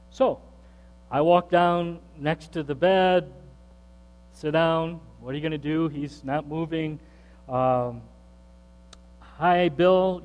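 Man preaching in a reverberant hall. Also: a little high. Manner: conversational, animated when quoting others. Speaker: pastor. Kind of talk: sermon storytelling. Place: church sanctuary. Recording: long hall reverb with mains hum.

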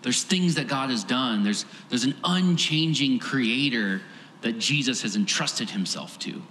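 A man delivers a sermon as pastor, stacking repeated phrases with earnest emphasis. He speaks a little slowly at medium pitch, with lively intonation and a somewhat bright tone. The echoey hall leaves a long reverb, and a slight hiss or hum runs underneath.

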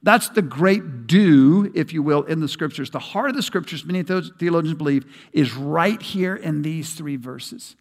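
A middle-aged man preaching a sermon, emphatic and animated, with folksy asides. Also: fairly high pitch, normal speed, few pauses. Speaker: pastor. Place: large church sanctuary. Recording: long hall reverb.

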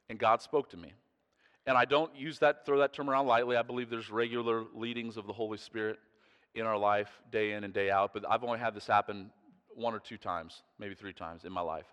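A man's voice: on the low side, a bit bright. A male pastor preaching in a chatty, storytelling way, often breaking off mid-thought and chuckling. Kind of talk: conversational sermon storytelling. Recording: long hall reverb.

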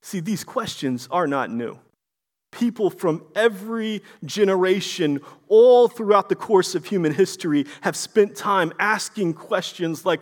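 A man's voice: high voice, expressive, a little slow. A man preaching an impassioned sermon, rhetorical and repetitive. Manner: impassioned, rhetorical, repeats himself.

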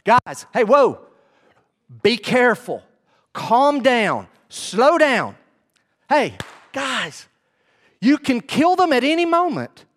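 A male preacher voicing a wise elder council teacher who pleads with angry men to calm down and wait. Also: very high-pitched, takes it slowly, pauses often, voice pushed up, heavily acted. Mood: urgent pleading. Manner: pleading, urgent, then hushed and soothing.

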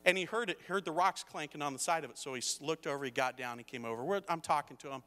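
A middle-aged male pastor with a fairly high, bright voice preaches in a church hall. He moves between storytelling and emphatic preaching. A long reverb trails behind his words. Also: fast. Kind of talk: sermon.

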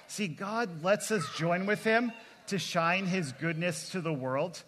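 A man's voice: sits high, measured pace, very noisy. A man preaching at a kids camp, earnest and plainspoken, speaking to both children and adults. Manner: earnest, plainspoken, calls out to the crowd. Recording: long hall reverb.

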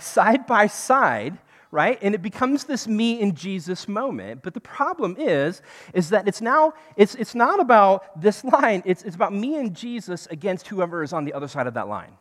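A preacher gives a conversational sermon whose pitch rises and falls freely. The voice keeps checking in with its listeners. The sound carries the long reverb of a church hall. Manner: animated, often checks in with the listeners.

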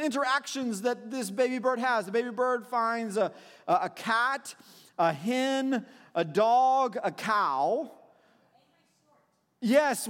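A man's voice: sits high, big-room sound. A man preaching a sermon, telling personal stories in a reflective way with frequent restarts. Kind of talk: sermon with storytelling.

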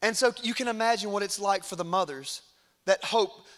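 During a sermon, a male preacher with a high, bright voice tells a story at a moderate pace. He shifts between hushed and loud, vivid passages, keeping the delivery dramatic throughout.

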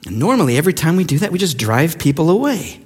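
A man's voice: fairly high pitch, big pitch swings, fast talker, darkish tone, husky. A middle-aged man preaching a sermon as pastor, emphatic and mocking as he acts out quoted voices. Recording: long hall reverb.

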